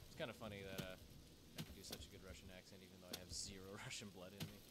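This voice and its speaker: A man's voice: low voice, little pitch movement, quick pace, very noisy. Joking man narrating his gameplay. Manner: joking, sarcastic. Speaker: gameplay commentator. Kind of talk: casual let's play commentary.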